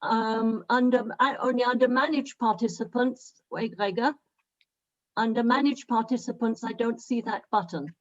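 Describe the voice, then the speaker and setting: A woman hosting an online meeting, talking haltingly with many fillers while she sorts out settings on a video call. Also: on the high side, lo-fi sound. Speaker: event host.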